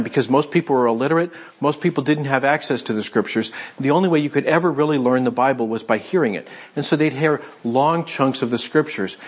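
A man preaching a conversational sermon, retelling a scripture story and voicing its speakers in quick asides. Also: medium pitch, slightly rough. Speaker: pastor.

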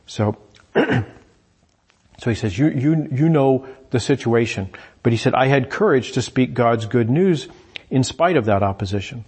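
A man's voice: medium pitch, animated, unhurried, darkish tone, slightly rough. A man preaching a sermon in a conversational way, paraphrasing scripture and often repeating words as he restarts his sentences.

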